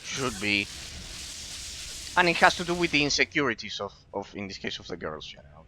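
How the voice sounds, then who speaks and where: Guy streaming, bright forceful voice, keeps repeating himself and tripping over words. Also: lowish voice, very animated, brisk, slight background noise. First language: Spanish. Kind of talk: casual stream chat with viewers.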